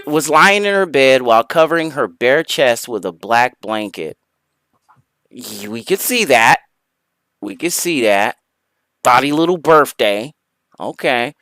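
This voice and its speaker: A man hosting a casual stream, reading celebrity gossip aloud and breaking off into crude jokes. His pitch swings widely, and his voice is recorded dry, close to the mic. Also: expressive, a little slow, no echo. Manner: loud laughing outbursts, crude jokes, jumps into high voice. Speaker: streamer host.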